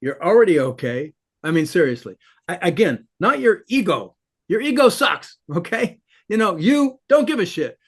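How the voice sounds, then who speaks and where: A man talks through an idea with blunt, animated energy. His voice sits a little high, and it leaps up even higher when he mimics someone. He laughs often and curses casually. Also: moderate pace, husky. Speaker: spiritual teacher. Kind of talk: conversational teaching in an interview.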